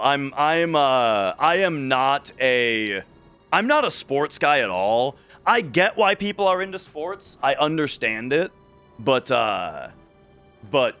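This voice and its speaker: A man's voice: mid-range voice, bright, forceful tone. A man from Minnesota with a light Minnesotan accent, chatting casually on a speedrun stream and restarting his sentences often. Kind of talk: casual livestream chat.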